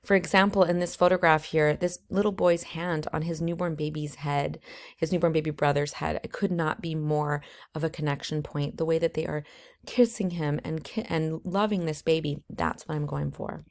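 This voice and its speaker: Low-voiced woman teaching newborn photography. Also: steady tone, normal speed. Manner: earnest, conversational, with casual asides. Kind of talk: course lesson.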